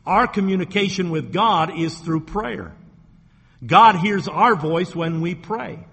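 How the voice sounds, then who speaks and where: A man's voice: high-pitched, expressive, slow pace, vocal fry, a bit bright, slightly rough, big-room sound. A man preaching a sermon as pastor, talking earnestly with repeated words and rising emphasis.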